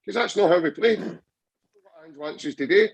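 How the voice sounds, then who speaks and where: A man's voice: sits high, normal speed, gravelly, low-quality recording. A Scottish man chatting passionately about football on a podcast, rambling with many restarts. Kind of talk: casual football chat.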